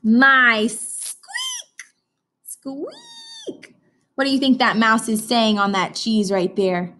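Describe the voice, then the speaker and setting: A woman's voice: medium pitch, moderate pace, a bit bright, slight background noise. A woman teacher reading a picture book aloud to children, asking them questions and imitating animal sounds. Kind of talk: children's read-aloud lesson.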